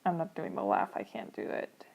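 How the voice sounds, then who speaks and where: Low, gravelly young woman with sarcastic asides. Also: big pitch swings, moderate pace, lo-fi sound. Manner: sarcastic, wry asides, laughs at the text. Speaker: reader, channel host. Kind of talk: fan fiction reading with sarcastic commentary.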